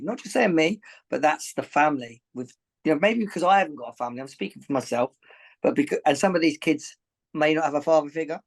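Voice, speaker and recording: Man, boxing coach, slightly high voice, earnest, rambling, repeats himself, emotional. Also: poor audio. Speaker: boxing coach and gym owner. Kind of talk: emotional podcast interview.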